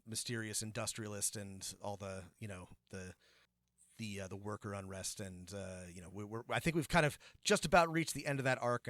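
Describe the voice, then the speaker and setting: A man's voice: on the low side, a bit bright, dry recording, studio quality. A man co-hosting a tabletop gaming podcast, talking in a rambling way with lots of fillers and restarts. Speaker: podcast co-host and game master. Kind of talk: casual podcast chat.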